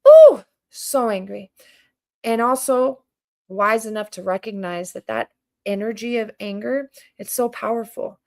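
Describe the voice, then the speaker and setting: A woman's voice: medium pitch, moderate pace. Fervent woman preaching on a livestream. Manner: fervent, preachy, asks pointed questions. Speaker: livestream host and community food organizer. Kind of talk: impassioned livestream monologue.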